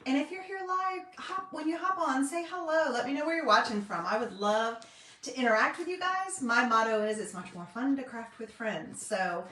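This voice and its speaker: A woman's voice: high-pitched, expressive, moderate pace, sharp tone. A middle-aged woman with a Southern US accent, chatting casually on a live craft stream from her home craft room, full of fillers and folksy asides. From North Carolina. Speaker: craft vlogger and independent designer. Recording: echoey room, voice a bit distant.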